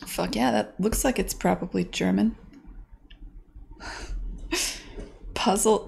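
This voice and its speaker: A woman indie game developer chatting casually with her live-stream viewers, excitable and swearing freely as she mutters to herself. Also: medium pitch, a little slow, gravelly, pauses often.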